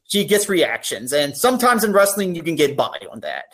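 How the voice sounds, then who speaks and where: A woman's voice: deep voice, sing-song, normal speed. A woman speaking as a guest on a podcast in casual chat, with an earnest, heartfelt way of talking things through. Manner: earnest, heartfelt, talks through ideas at length.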